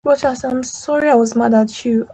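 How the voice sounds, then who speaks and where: A woman's voice: high voice, fairly even intonation, moderate pace, warm tone, low-quality recording. Woman voicing a grieving young woman. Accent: Nigerian. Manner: emotional, sincere. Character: grieving young woman mourning her lover.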